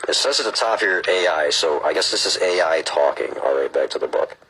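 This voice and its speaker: A man's voice: low-pitched, animated, fairly quick, a bit bright, a little hiss or hum, poor audio. A man reading a book aloud, breaking off to chat casually and explain his reading choices. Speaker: reader.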